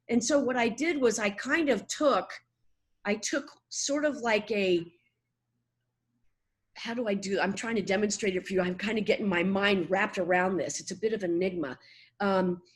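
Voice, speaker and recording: A woman in her sixties, a voice actor chatting as a guest in an animated, laughing way. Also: mid-range voice, normal speed. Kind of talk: casual interview chat.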